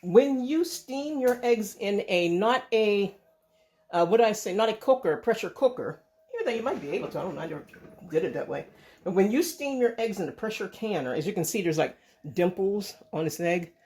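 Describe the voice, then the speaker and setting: A woman's voice: mid-range voice, expressive, brisk, dark tone. Woman host, casual kitchen demo, chatty and rambling, handheld camera. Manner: chatty and rambling, with restarts, calls viewers folks. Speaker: channel host. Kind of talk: casual home cooking demo.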